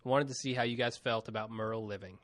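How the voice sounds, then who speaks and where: A man's voice: fairly low pitch, fairly even intonation, fast talker, a bit bright, dry recording. A man co-hosting a podcast, reading listener emails aloud in a casual chat and laughing often.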